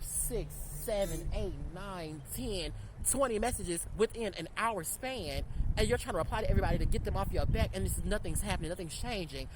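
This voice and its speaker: A young man telling a storytime about a fight in a profane, sassy, animated rant. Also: high voice, slight background noise, poor audio. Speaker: storytime vlogger.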